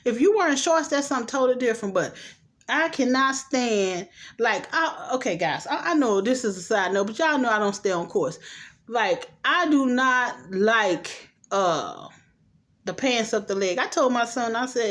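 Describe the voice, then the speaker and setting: A middle-aged woman casually recapping a TV episode, acting out the characters' lines with slangy, animated asides. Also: fairly high pitch, moderate pace. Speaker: show recap host.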